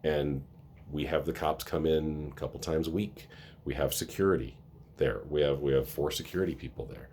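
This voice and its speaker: Super deep voiced guy vlogging, earnest, kinda emotional, slight background hiss. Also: moderate pace, a little mellow. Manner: earnest and emotional, with many restarts. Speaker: school staff member. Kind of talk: casual talking-head vlog.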